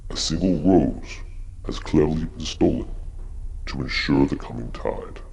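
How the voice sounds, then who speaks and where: A man voicing an ancient, solemn oracle who intones a rhymed prophecy in a deep, gravelly voice. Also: a little slow, a little mellow, exaggerated voice. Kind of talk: tabletop game narration.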